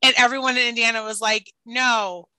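A woman's voice: a little high, animated, moderate pace, sharp tone, no echo, rough recording. A woman with a Chicago accent co-hosting a podcast in casual chat, laughing often and saying "like" a lot. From Chicago area. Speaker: podcast co-host.

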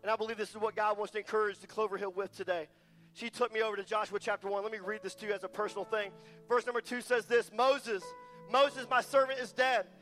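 A man preaching with a very high voice, emphatic and passionate, driving points home by repeating them. Faint music plays softly under his sermon. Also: steady tone, quick pace. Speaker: guest preacher.

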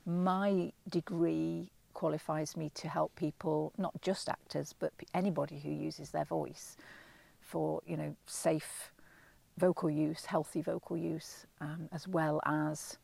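A middle-aged woman from England speaks as a vocal coach being interviewed, explaining her work at an unhurried, thoughtful pace with plenty of ums and restarts. Her voice sits low and carries a gravelly fry. The sound is close and dry. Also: level tone, darkish tone, no echo. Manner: thoughtful and explanatory, with frequent ums and self-corrections. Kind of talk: relaxed interview answers.

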